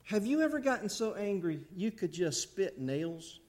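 A man preaching a sermon to his church, animated, acting out angry outbursts along the way. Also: high-pitched, normal speed. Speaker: pastor. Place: church sanctuary.

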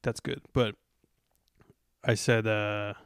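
A man's voice: lowish voice, steady tone, slow pace, fairly bright tone, clear, resonant tone. A man hosting a podcast, telling a story in a laid-back, rambling way. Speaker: podcast host. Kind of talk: casual storytelling chat.

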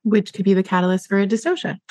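A woman nurse and clinical instructor co-hosting a podcast in quick, chatty casual talk. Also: medium pitch, expressive, dark tone, dry recording.

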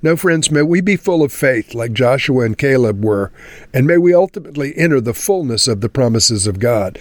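A man's voice: mid-range voice, expressive, normal speed, no echo, studio quality. A man giving an earnest devotional Bible teaching, speaking to his listeners as friends and closing in prayer.

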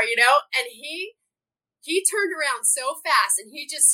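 A middle-aged woman, a program director, chatting as a podcast guest, animated and laughing often as she tells stories. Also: sits high, measured pace. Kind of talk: casual interview chat.

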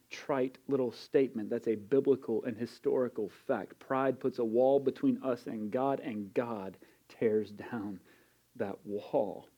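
A man's voice: medium pitch, dark tone, dull audio. A man preaching a sermon in an earnest way, repeating key phrases and building intensity as he goes. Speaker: pastor.

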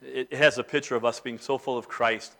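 A pastor preaching a sermon, moving between quiet reflection and emphatic, rising declarations. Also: male voice, medium pitch, fairly even intonation, a little fast, creaky. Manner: emphatic preaching, swinging between soft and loud.

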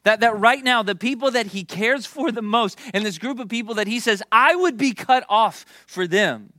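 A young man preaching a sermon in a conversational, animated way, with storytelling and asides to the congregation. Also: high voice, moderate pace, no room sound, clean studio sound. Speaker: pastor.

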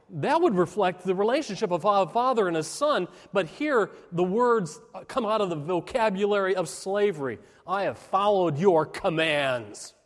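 A man preaching a sermon in an earnest way, with emphatic rises and phrases that slow and drop. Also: sits high, long reverb tail. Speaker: pastor.

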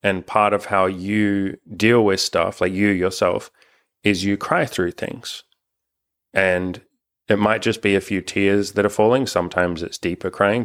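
A young man hosting a casual couple's chat, talking frankly and rambling, swearing often. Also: deep voice. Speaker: relationship coach and channel host.

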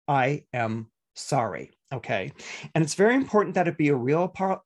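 Male astrologer, middle-aged, somewhat high husky voice, chatty, restarts a lot. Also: darkish tone. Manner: chatty, repetitive, many fillers and restarts. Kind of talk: weekly horoscope talk.

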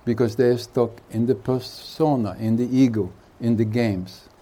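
A man speaking as a spiritual teacher at a retreat, giving an unhurried satsang talk with jokes and chuckling between his thoughts. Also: medium pitch, warm tone. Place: retreat hall.

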